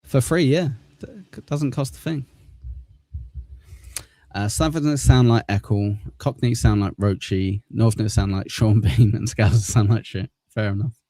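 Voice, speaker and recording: A man's voice: fairly low pitch, moderate pace, warm tone, no room sound. A man from the south of England with a Manchester accent, hosting a casual live stream, joking and swearing at his own bad luck. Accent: Mancunian. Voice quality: swears often, laughs at himself. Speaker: stream host.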